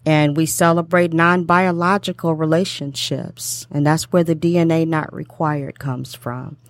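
A low-pitched middle-aged woman hosts a talk show in an unhurried, heartfelt way. She repeats her phrases and fills the gaps with "you know" and "um". The sound is dry and close. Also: fairly even intonation, no room sound. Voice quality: emotional, tongue-tied at times. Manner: warm repetitive speech with many fillers. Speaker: show host.

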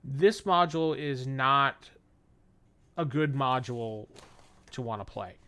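A man's voice: medium pitch, takes it slowly. Rambling man co-hosting a podcast. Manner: rambling, animated, acts out quoted voices. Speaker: podcast co-host. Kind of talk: casual chat.

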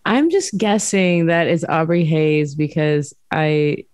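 Low-voiced woman musician on a podcast, bubbly and laughy, dry sound. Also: takes it slowly, darkish tone, clean tone, dry recording. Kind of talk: casual interview chat.

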